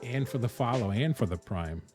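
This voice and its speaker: A man from the Northeastern US streaming live, chatting casually with viewers and thinking aloud with frequent pauses. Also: medium pitch, lively intonation, over music. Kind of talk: casual live-stream chat while coding.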